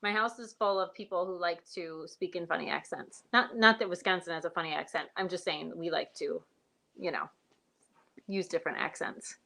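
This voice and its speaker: A woman's voice: fairly low pitch, normal speed, gravelly, sharp tone. A woman farmer hosting a live stream, chatting in a rambling way and greeting viewers by name. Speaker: sheep and goat farmer hosting a livestream. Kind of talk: casual live-stream chat.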